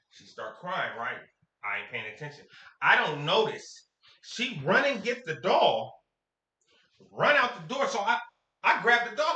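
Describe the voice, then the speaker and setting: A man from Sacramento, California tells a story to camera in a high-pitched, slightly slow voice. He's animated and slangy, acting out the quotes, and the room he's in is echoey.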